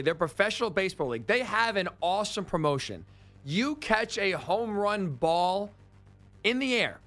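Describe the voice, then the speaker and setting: A man's voice: fairly high pitch, a bit bright. A man hosting a sports talk radio show, telling stories with incredulous, ranting energy.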